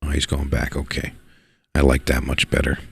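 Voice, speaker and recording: Low-voiced excitable pool commentator, man. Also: normal speed, gravelly, husky. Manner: excitable, repeats words for emphasis. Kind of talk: live play-by-play commentary. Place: pool hall.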